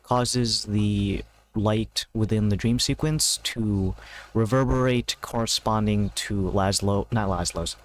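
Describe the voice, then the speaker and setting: A man's voice: on the low side, fairly even intonation, takes it slowly. A man narrating a homebrew tabletop game as game master, in a loose, hesitant way with many fillers. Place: home, seated in a gaming chair.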